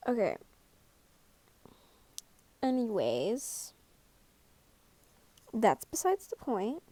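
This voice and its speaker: A woman's voice: fairly high pitch, wildly swooping pitch, drawn-out words, dark tone, no echo. A young woman in her bedroom casually reading a second-person fan story, with chatty, self-deprecating asides. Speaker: fan fiction narrator.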